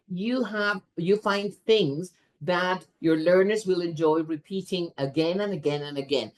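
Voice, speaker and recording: A woman giving a lively workshop talk to teachers as a teacher trainer, animated and expressive, often checking in with a quick "right?". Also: on the low side.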